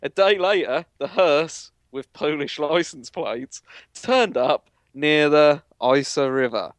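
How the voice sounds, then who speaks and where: A man's voice: on the high side, expressive, slow, no echo. A man co-hosting a casual comedy podcast, reading out news stories with dry jokes. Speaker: podcast co-host.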